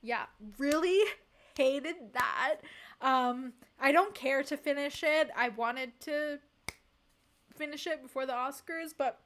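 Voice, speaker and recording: High, bright-voiced woman streamer. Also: slow, slight background noise. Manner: emphatic, expressive, laughs often. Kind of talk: casual livestream chat, reading chat.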